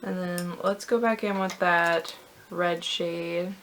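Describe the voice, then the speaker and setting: A young woman chats through her makeup routine, rambling and poking fun at herself. Her voice has a gravelly edge with vocal fry. There is a faint hiss of noise underneath. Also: on the low side, fairly even intonation, slow, a bit bright. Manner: chatty, self-deprecating, many fillers like "like". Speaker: beauty vlogger. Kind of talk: casual chat while doing makeup.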